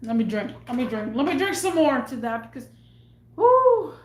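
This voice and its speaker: A woman's voice: a little high, lively intonation, quick pace, a little mellow, reverberant. A woman who works in a store, telling an agitated, cursing story with stammered restarts. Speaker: retail store worker. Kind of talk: ranting storytime vlog. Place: at work in a store.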